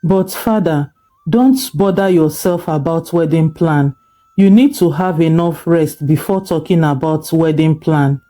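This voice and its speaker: A calm young son speaking respectfully, as a storyteller puts him on. The voice is dark and mellow and the delivery slow. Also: mid-range voice, faint music behind, lightly acted.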